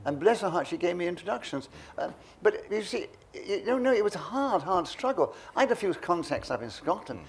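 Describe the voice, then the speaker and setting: Speaking briskly and with few pauses, this older interviewee has a high-sitting voice and a slight hiss or hum behind it. He reminisces in anecdotes, animatedly performing the voices of the characters in his stories.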